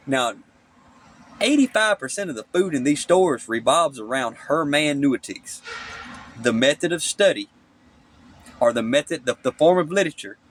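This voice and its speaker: A man recording himself on his phone, ranting angrily and profanely, repeating "okay?" over and over. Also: mid-range voice. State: angry. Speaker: self-recording vlogger. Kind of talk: angry rambling monologue to camera. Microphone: phone front camera.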